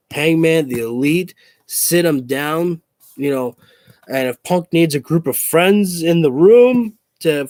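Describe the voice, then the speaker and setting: A man's voice: on the high side, a little mellow, no echo. A man in a casual opinion rant to camera as a wrestling YouTuber, frustrated, swearing and repeating himself.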